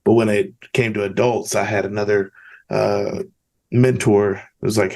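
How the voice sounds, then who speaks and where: A man with a fairly low voice hosts a casual podcast chat. He talks candidly and rambles, often stopping to restart his sentences. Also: fairly even intonation, measured pace, vocal fry, a little mellow. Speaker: podcast host. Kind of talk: casual conversational interview.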